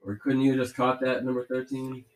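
A man watching football with a friend, yelling at the players and swearing. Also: medium pitch, flat delivery, moderate pace. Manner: trash-talking, yells at the players. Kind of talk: casual sports banter. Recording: echoey, distant from the mic.

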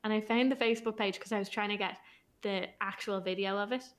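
A woman's voice: mid-range voice, fairly even intonation, quick pace, slight background noise. A young Irish woman in her twenties hosting a podcast, chatty and giggly, rambling with many fillers. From Ireland. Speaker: podcast host. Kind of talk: casual chat.

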